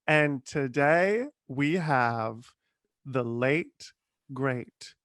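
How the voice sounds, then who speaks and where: A man hosting a comedy interview podcast in a campy, teasing style. His voice sits a bit high and the sound is dry and close, with no room echo. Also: moderate pace, a bit bright. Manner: campy, playful, laughs often. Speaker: podcast host. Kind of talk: casual comedic interview chat.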